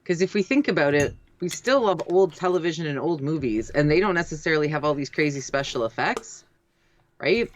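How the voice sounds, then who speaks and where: A woman's voice: low-pitched, lively intonation, a little fast. A woman co-hosting a casual, tipsy livestream chat, talking loosely with giggles and swearing. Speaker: co-host.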